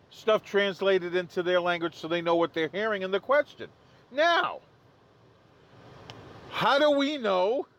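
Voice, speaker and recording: A man's voice: high voice, fairly bright tone, highs cut off. A man hosting a live stream outdoors, joking casually and laughing at his own jokes. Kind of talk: casual livestream commentary.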